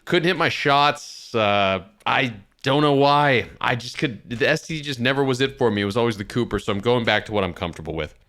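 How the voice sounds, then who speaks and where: A tired man co-hosting a casual gaming podcast, speaking in a halting, hesitant way while yawning. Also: mid-range voice, animated, a bit bright. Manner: halting, hesitant, many fillers and restarts. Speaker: podcast co-host.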